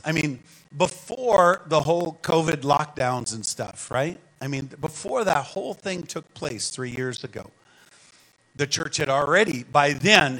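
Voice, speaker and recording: Man, preacher, fairly high voice, lively sermon, calls for responses. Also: husky, low-quality recording. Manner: animated, calls the congregation to respond. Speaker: guest preacher.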